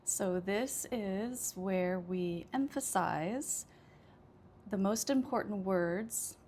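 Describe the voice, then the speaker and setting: A woman's voice: medium pitch, extremely slow, a little mellow, a little hiss or hum. An American woman teaching an English pronunciation lesson, explaining patiently with frequent "okay" and small hesitations. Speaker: ESL teacher.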